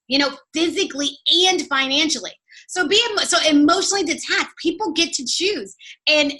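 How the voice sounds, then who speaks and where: A woman's voice: sits high, sharp tone, poor audio. A woman giving an enthusiastic, cheerleader-like training talk as a sales team coach. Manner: peppy, cheerleader-like. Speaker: network marketing trainer.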